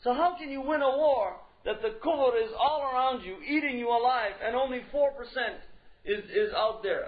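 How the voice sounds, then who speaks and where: A man giving a religious lecture in an emphatic style, repeating key phrases and asking rhetorical questions. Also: extremely high pitch. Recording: dull lo-fi recording.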